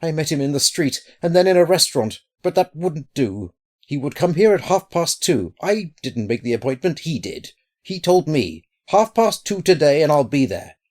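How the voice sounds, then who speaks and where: A man's voice: on the high side, big pitch swings, moderate pace, a little mellow, voice pushed up. A man voicing a terrified, furtive man hiding from an enemy, whimpering and sly by turns. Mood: panicked. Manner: whimpering, then sly and cunning.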